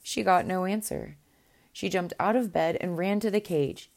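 A woman reading a fairy tale aloud in a gentle, unhurried way, with the odd small restart. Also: lowish voice, gravelly. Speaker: storyteller. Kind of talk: storybook read-aloud.

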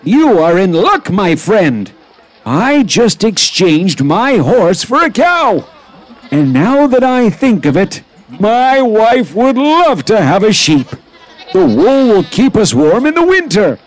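A man's voice: high-pitched, sing-song, slow, exaggerated voice, rough recording. A man doing a friendly storybook villager. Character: friendly man named Harry at the fair.

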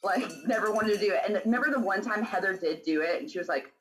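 A woman's voice: mid-range voice, fast, over music, low-quality recording. A young woman guest chatting casually in an easygoing, laid-back way. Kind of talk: casual chat.

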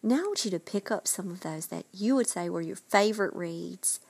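A woman hosts a podcast of writing advice, chatty and emphatic, dropping in quick asides as she goes. Her voice sits at an ordinary middle pitch, and the recording is dry and close with no room sound. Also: animated, gravelly, a little mellow, breathy edge, dry recording. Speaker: podcast host and writing coach.

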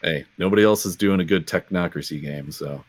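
A man co-hosting a casual podcast, relaxed and self-deprecating. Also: low-pitched, fairly quick, no echo. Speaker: podcast co-host.

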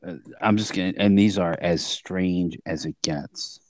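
A man's voice: low voice, steady tone, measured pace, darkish tone, no room sound. A man hosting a casual podcast, asking joking questions and teasing his co-host. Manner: teasing, chuckling, loose phrasing.

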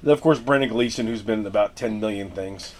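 A man's voice: lowish voice, fast talker, slight background noise. A man co-hosting a podcast, casually retelling a movie plot with lots of fillers and restarts. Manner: rambling, filler-heavy retelling. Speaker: podcast co-host. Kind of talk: casual movie recap chat.

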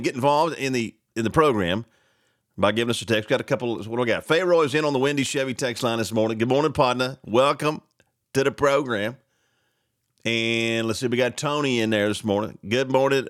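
A man hosting a casual morning radio show, greeting texters, pitching a sponsor and reacting to the news in a rambling, animated way. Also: no echo, clean studio sound. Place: radio studio. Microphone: studio microphone.

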